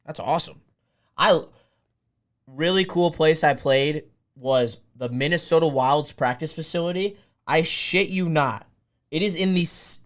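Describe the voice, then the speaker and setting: A young man with a voice a bit higher than most, talking loosely to his live chat. He drifts between relaxed, rambling asides and loud bursts of excited cheering. It sounds like an unscripted live stream. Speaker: streamer hosting a draft watch party.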